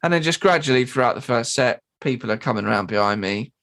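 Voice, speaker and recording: Man, podcast co-host, casual storytelling, lively swinging pitch, sweary, mimics others. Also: quick pace, creaky. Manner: animated, sweary, mimics people in high voices.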